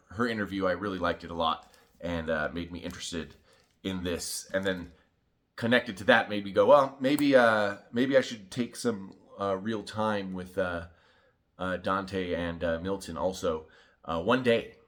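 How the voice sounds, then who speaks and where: A man's voice: on the low side, a bit bright. A man in a casual book vlog, talking loosely with many fillers and restarts. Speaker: book vlogger. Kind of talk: casual video chat.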